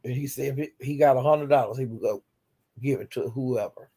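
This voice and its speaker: Gravelly-voiced man dishing gossip. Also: medium pitch, brisk, dark tone. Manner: chatty, blunt gossiping retelling. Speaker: host recapping livestream drama. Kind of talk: casual gossip chat.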